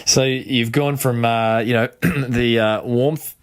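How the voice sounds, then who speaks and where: A man hosting an interview podcast, a physiotherapist asking questions in a relaxed, friendly way. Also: medium pitch, takes it slowly, clear, resonant tone. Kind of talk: casual interview chat.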